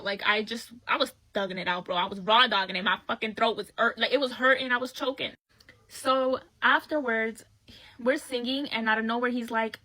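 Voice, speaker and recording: A young woman telling a dating story in a casual vlog, animated, slangy and profane, acting out what people said. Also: on the high side, moderate pace, poor audio.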